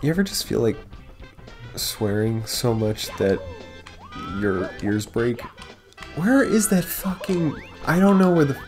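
A man hosting a casual let's play, talking to the game as he goes, excitable and swearing often. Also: mid-range voice, slow, soft background music. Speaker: gaming channel host.

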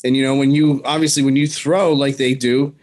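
A man co-hosting a sports podcast, speaking in a measured way with many "you know" fillers. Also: medium pitch, little pitch movement, a little mellow. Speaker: podcast co-host. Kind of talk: casual sports talk.

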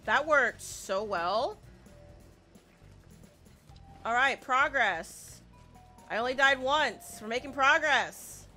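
A woman doing let's play commentary, excitable, panicking and swearing, often repeating herself. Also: sits high, takes it slowly, pauses often, soft background music. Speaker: gaming YouTuber.

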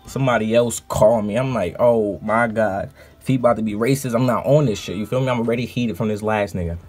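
A man with a husky voice tells a story straight to camera in a casual vlog. He talks animatedly and swears freely as he rants. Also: on the low side, fast, a little mellow. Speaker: streamer.

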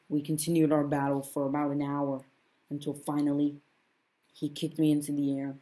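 A woman's voice: low-pitched, monotone, normal speed, warm tone. A woman narrating a homemade first-person story in a subdued way, repeating phrases as she goes.

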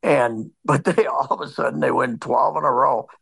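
A man's voice: mid-range voice, moderate pace, creaky, fairly bright tone, breathy edge. A man, a sports columnist, chatting on a podcast as a guest, telling stories in a rambling, wry and grumbling way full of fillers and restarts. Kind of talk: casual podcast chat.

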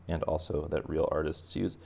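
A man's voice: rumbling low, flat delivery, moderate pace, vocal fry, darkish tone, slight background noise. A man giving a playful, chatty step-by-step drawing lesson for kids. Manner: playful, chatty, talks to children directly. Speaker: art teacher.

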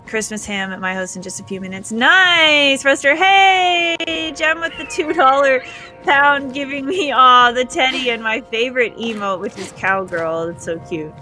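A woman's voice: a little high, moderate pace, bright, forceful tone, faint music behind. A woman from Canada streaming a game live, chatting and giggling as she reads out viewer comments. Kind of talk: live gameplay chat, reading viewer comments.

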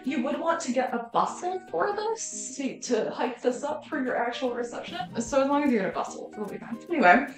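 A chatty woman vlogger talks her way through a try-on review, rambling and packing her sentences with "like" and "um". Her voice sits a little high, and soft music plays faintly behind her. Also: expressive, fairly quick, hardly any pauses. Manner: rambling, filler-heavy, uses "like" and "um" a lot. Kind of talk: casual try-on haul chat.

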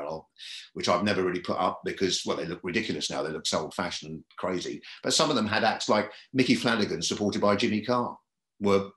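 A man's voice: low-pitched, fairly bright tone. A man telling stories about his career in a podcast interview, rambling a bit and repeating phrases. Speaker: comedy club booker and comedian. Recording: roomy echo.

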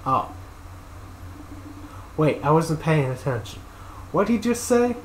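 A man's voice: a little high, big pitch swings, slow, slight background noise, poor audio. A young man casually voicing game dialogue, playful and joking about his own acting. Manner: playful, self-mocking. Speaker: gamer voicing a side character.

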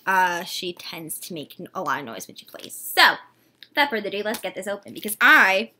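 A woman vlogging an unboxing in a casual, gushing way, a little congested from a cold and often slipping into a breathy whisper. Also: mid-range voice, a little hiss or hum. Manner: gushing and excitable. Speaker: doll collector vlogger. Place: at home with a dog.

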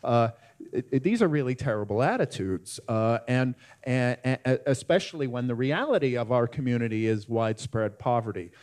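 A man moderating a panel discussion at a film festival, speaking haltingly with many restarts. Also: medium pitch, animated, darkish tone. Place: festival screening venue.

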